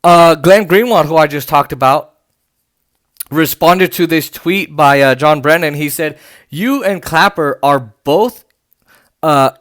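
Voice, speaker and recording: A man's voice: fairly high pitch, unhurried, fairly bright tone, dry recording, clean studio sound. A man hosting a political commentary podcast, sarcastic and indignant, reading posts aloud with many fillers and restarts. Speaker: podcast host. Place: home.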